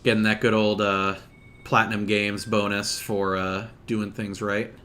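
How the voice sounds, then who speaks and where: A man's voice: fairly low pitch, flat delivery, unhurried, a bit bright, soft background music. A man giving casual let's play commentary, musing aloud with fillers and self-corrections. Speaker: gameplay commentator.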